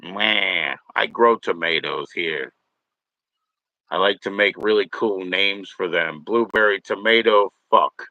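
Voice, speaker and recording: A man's voice: sits low, takes it slowly, no echo, dull audio. A man hosting a casual livestream from home, rambling, swearing and mocking trolls in chat. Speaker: livestream host.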